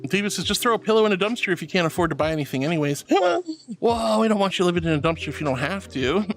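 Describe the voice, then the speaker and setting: A man's voice: high-pitched, lively intonation, rapid-fire, soft background music. A young man streaming, reading chat messages aloud in an affectionate, theatrical way, calling viewers honey and sweetie.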